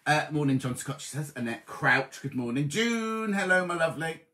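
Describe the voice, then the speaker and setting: A man's voice: on the high side, normal speed, pushed and bright. A man hosting a live online coffee morning, chatting as he reads out viewers' messages and greets them as "my love". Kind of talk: casual live-stream chat greeting viewers.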